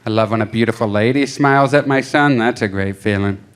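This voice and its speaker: A man's voice: mid-range voice, fairly quick, clean tone. A man in his thirties performing stand-up comedy in a casual, self-deprecating way, acting out voices as he tells stories. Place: comedy club stage.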